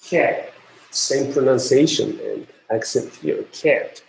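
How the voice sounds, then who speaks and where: Slow, halting lecturer in an echoey room. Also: male voice, mid-range voice, gravelly. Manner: halting, many ums and uhs. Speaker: university lecturer. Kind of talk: classroom lecture on pronunciation.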